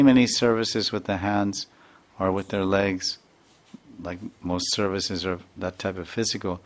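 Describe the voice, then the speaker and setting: Brief: a low-pitched male spiritual teacher storytelling in an earnest, repetitive sermon.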